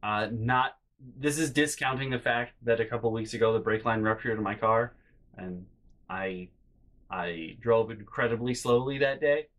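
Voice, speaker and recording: A young man telling comedic personal stories in a rambling, animated way, with loud acted-out outbursts. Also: medium pitch, moderate pace. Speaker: storytelling vlogger.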